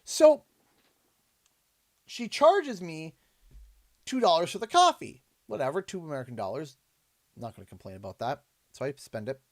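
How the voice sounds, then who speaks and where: A man with a Canadian accent, hosting a livestream and telling a casual story in an animated, exasperated way. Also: a little high, normal speed, pauses often, no room sound, clean studio sound. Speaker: livestream host. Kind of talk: casual storytelling while streaming.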